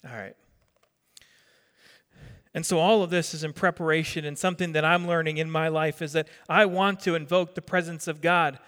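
A man's voice: a little high, steady tone, moderate pace, fairly bright tone. A middle-aged man from New Jersey preaching a sermon in a conversational way, quizzing the congregation and repeating his words. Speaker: pastor. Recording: long reverb of a hall.

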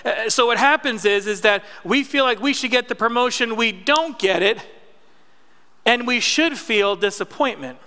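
Male pastor, high bright clear voice, conversational sermon, reverberant sanctuary. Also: moderate pace. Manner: conversational preaching with audience call-and-response. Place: church sanctuary. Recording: long church reverb.

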